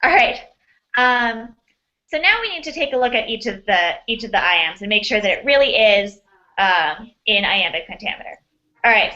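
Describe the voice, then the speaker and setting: Upbeat bright-voiced woman teacher. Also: on the high side, expressive, moderate pace, lo-fi sound. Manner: upbeat, encouraging praise. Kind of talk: online class lesson.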